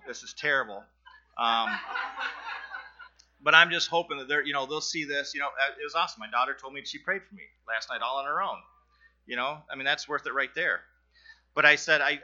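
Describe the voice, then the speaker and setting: A middle-aged man nervously giving a personal testimony in front of his church congregation, halting and earnest, with many fillers and restarts. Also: mid-range voice, pushed and bright, highs cut off. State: nervous, sweating.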